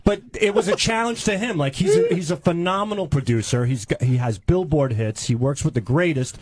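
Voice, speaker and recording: A man's voice: a little high, very animated, brisk, slightly rough. A man in his forties from Long Island telling a self-mocking story on a radio show, rambling and restarting his sentences. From Long Island, New York. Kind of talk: casual radio banter, storytelling.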